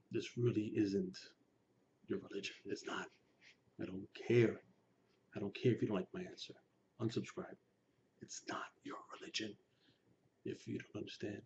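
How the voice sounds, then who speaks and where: A man speaking earnestly to his listeners, pressing his points and sometimes dropping to a hushed near-whisper. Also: on the low side, vocal fry. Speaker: Lukumi practitioner speaking to his channel. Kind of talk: personal commentary to camera. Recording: slightly dull recording with faint background noise.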